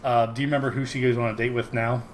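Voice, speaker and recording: A man's voice: medium pitch, flat delivery, racing, noisy background. A man co-hosting a podcast, casually recapping a sitcom episode, rambling with many ums and frequent laughs. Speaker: podcast co-host.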